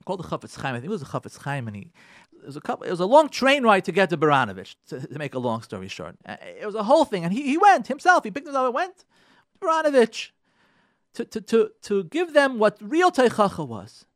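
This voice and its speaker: A man, a rabbi on a radio show, urging his listeners in an impassioned talk, repeating his key points and swinging from loud pressing to soft pleading. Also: sits high, wildly swooping pitch, quick pace, no room sound, clean studio sound.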